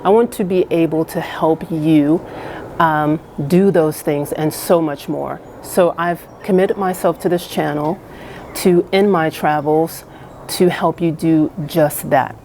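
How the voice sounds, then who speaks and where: A woman with a low voice talks to her camera in a casual, earnest vlog. She encourages her viewers warmly, restarting her sentences and adding fillers as she goes. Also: steady tone, slow, a little hiss or hum. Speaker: vlogger. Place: house she is house sitting.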